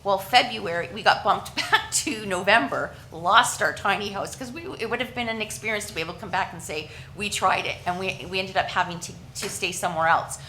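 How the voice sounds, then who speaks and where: A woman's voice: mid-range voice, a little fast, few pauses, pushed and bright, slight background noise, poor audio. Earnest Canadian woman presenting to council. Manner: earnest, with many restarts and fillers.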